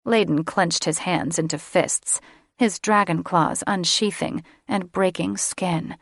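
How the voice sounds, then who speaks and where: A woman's voice: slow, gravelly, dry recording, clean studio sound. A woman narrating a fantasy audiobook in scripted style, giving the characters their own voices. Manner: voices each character with shifts in pitch and loudness.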